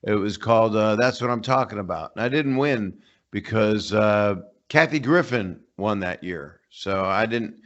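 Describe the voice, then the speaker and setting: Older guy joking around on a call, kinda low voice, sounds muffled. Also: measured pace, fairly bright tone. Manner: rambling, joking, wry asides. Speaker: comedian guest. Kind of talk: casual interview chat over a call. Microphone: remote call connection.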